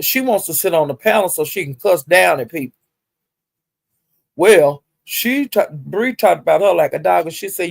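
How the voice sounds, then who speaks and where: A woman's voice: lowish voice, creaky, a little mellow, slightly rough, no echo. A woman gossiping on a casual livestream, sassy and profane, with drawling "well, honey" asides. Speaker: livestream commentator.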